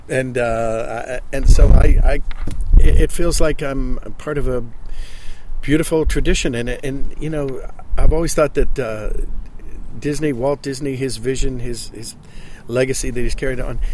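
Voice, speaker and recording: A man in his sixties, a voice actor speaking in a casual interview, halting and often repeating his words. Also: mid-range voice, darkish tone, slight background noise. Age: 60s. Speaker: voice actor guest.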